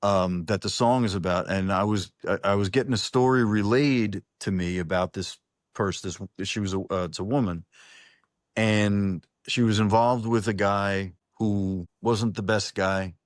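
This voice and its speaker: A man's voice: lowish voice, unhurried, no room sound, studio quality. A man talking as a singer-songwriter guest in a casual online interview, rambling and restarting his sentences, calling the host "brother". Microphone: video call.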